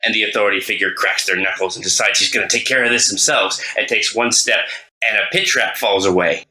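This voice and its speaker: A man on a podcast, telling a story in a lively, animated way. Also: on the low side, fast, echoey room. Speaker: podcast player.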